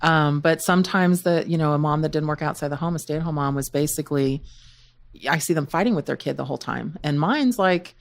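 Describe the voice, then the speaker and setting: A woman in her forties co-hosting a podcast, telling a story in an earnest way. Her voice sits very low for a woman. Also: brisk. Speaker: podcast co-host. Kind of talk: casual chat.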